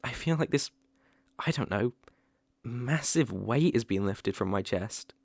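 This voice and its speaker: A young man with a British accent playing a remorseful ex-boyfriend in a whispered role-play, speaking hesitantly with soft laughs. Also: mid-range voice, expressive, measured pace, creaky, no echo. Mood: tender. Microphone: close mic, ASMR.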